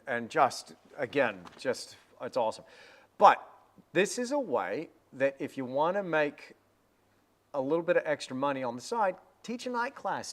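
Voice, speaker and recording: Enthusiastic male art teacher, livestreaming. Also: fairly high pitch. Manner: energetic, enthusiastic, rambling with restarts. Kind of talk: casual livestream chat while painting.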